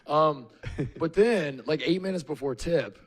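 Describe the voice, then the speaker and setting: A man's voice: on the high side, a little slow. Rambling, self-mocking male podcast co-host. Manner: rambling, self-mocking, lots of fillers and restarts. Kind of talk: casual storytelling chat.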